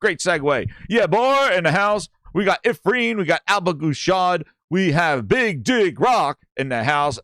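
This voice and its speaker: A man's voice: sits high, measured pace, few pauses, dry recording, clean studio sound. A man hosting a gaming livestream, ranting with profanity and calling out viewers in the chat. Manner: animated, profane, shouting out chat names.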